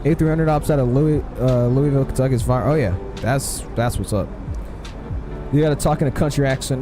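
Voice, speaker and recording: A man's voice: medium pitch, a little fast, over music. A man live-streaming a flight simulator, chatting casually, answering his chat with lots of fillers.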